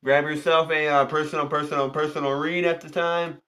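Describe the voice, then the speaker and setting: Chatty high-voiced man hosting a livestream. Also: flat delivery, fairly quick, sharp tone. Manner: repetitive, chatty, greets viewers by name. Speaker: tarot reader hosting a livestream. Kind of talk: casual livestream chat.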